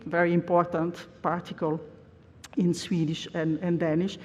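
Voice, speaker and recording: A woman delivers an academic plenary lecture, explaining examples step by step. She often pauses on "uh" as she searches for words. Her voice carries a long reverb from a large hall. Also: lowish voice, fairly even intonation, darkish tone. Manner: frequent uh hesitations, explanatory.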